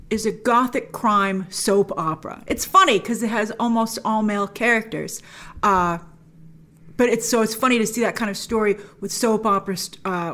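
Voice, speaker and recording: A woman giving a casual film review to camera, chatty and animated, acting out her own reactions. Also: a little high.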